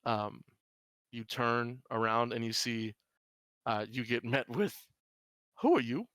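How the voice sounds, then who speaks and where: Smooth-voiced rambling game master, dry sound. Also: male voice, medium pitch, level tone, slow pace, pushed and bright, no echo. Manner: rambling, lots of "like" and "uh". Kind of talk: narrating a tabletop game.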